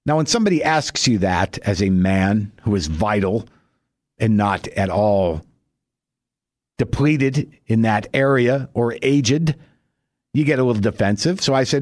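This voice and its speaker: A middle-aged man delivering a stand-up monologue, telling a wry story and leaping high and loud for his punchlines. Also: lively intonation, unhurried, no room sound. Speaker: stand-up comedian.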